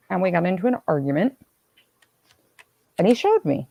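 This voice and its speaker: A woman's voice: lowish voice, lively intonation, brisk, vocal fry, long pauses, a little mellow, poor audio. A woman hosting a casual livestream, rambling and calling out viewers by name as she reads their comments. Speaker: streamer host reading chat.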